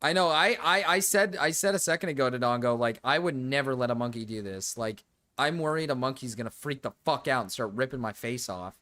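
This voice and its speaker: Young man, mid-pitched, doing loose reaction commentary on a live stream; jumpy energy, cusses freely, breaks into high yelps. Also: a little fast, dry recording. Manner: excitable, swears, frequent laughter, sudden high yelps.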